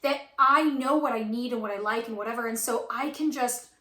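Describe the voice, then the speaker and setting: A woman's voice: on the high side, a little fast, pushed and bright, roomy sound. A woman coach chatting casually and effusively about her relationship, full of "like" and "right". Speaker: twin flame coach. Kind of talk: casual chat.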